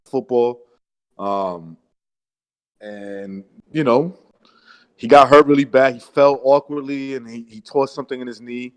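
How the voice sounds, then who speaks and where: A man's voice: medium pitch, a little slow, pauses often, clean tone, no echo, low-quality recording. A man co-hosting a casual podcast, emphatic, swearing and saying dude and bro. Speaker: podcast co-host.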